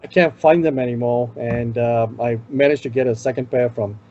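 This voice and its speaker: A man's voice: mid-range voice, fairly even intonation, moderate pace, mellow, lo-fi sound, a little hiss or hum. A man with an Indian accent, co-hosting a casual chat show and giving conference travel tips, talking loosely with lots of "you know". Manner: chatty, fills with "you know". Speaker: podcast co-host.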